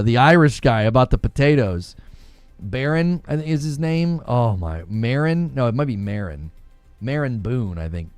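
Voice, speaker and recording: Lively, animated man chatting casually. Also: mid-range voice, smooth, dry recording. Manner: rambling, many fillers, laughs easily. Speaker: gaming news podcast host. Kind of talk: casual chat.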